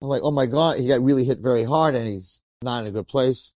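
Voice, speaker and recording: A man, a rabbi, telling a story in a sermon in a lively, conversational way, acting out the people in it. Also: medium pitch, fast, no room sound, clean studio sound. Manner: animated, conversational, acts out quotes.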